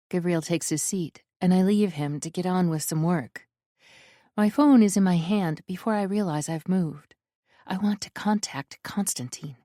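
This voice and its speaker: A woman narrating a first-person romance audiobook in an even, measured reading. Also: lowish voice, dry recording, studio quality.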